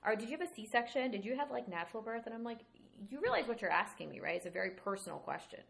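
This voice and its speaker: A woman co-hosting a podcast who tells stories in an animated way and acts out the dialogue she quotes. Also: on the high side, fast, creaky. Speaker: podcast co-host. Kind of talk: casual chat.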